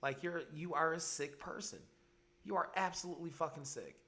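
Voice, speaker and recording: Man, forties, podcast host, heated cursing monologue, somewhat high pitch. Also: fairly quick, pushed and bright. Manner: heated, profane ranting. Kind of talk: angry commentary monologue. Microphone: podcast mic.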